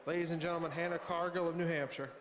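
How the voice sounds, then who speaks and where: Measured male announcer in a reverberant arena. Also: fairly high pitch, fairly even intonation, a bit bright, slight background noise. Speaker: sale announcer. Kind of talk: reading exhibitor introductions. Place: indoor livestock show arena over PA.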